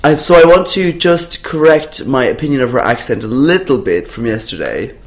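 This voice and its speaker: A man's voice: mid-range voice, lively intonation, moderate pace, faint music behind. An Irish man co-hosting a podcast, chatting in a wry, teasing way. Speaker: podcast co-host. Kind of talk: casual chat.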